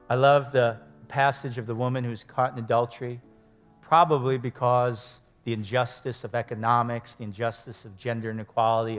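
A male pastor delivering a heartfelt sermon, his voice pitched in an ordinary middle range. He presses his points with rising force, then sinks into quiet, prayerful tones, sometimes sounding choked up. Faint instrumental music plays softly underneath. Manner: earnest, rises to emphatic then softens to hushed prayer. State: choked up with emotion.

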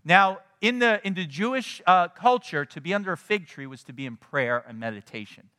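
A man preaching a sermon in a conversational, animated way, often checking in with his listeners. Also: high-pitched, fairly quick, long reverb tail. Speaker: pastor.

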